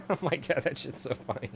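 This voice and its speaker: A man's voice: medium pitch, gravelly, background noise. A man in his thirties chatting casually on a live stream while tying flies, rambling and laughing often. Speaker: live-streaming fly tyer.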